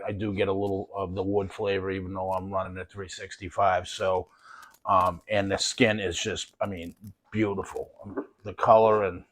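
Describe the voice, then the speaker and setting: A fairly low-pitched man hosts a casual cooking demonstration. He sounds enthusiastic and folksy as he chats with his viewers. His delivery stays relaxed and conversational. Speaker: cooking show host.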